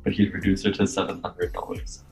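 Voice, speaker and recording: Young male co-host, deep and measured like a newsreader, cheap mic on a home Zoom call. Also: monotone, faint music behind, low-quality recording. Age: young adult. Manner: measured, newsreader-like, with many uhs. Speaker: podcast co-host. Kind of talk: casual podcast chat. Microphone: bad mic on a Zoom call.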